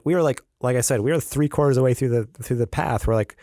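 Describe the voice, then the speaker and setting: A man's voice: medium pitch, quick pace, warm tone, dry recording, clean studio sound. A young man co-hosting a podcast, telling a story in casual chat, rambling and laughing often. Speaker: podcast co-host.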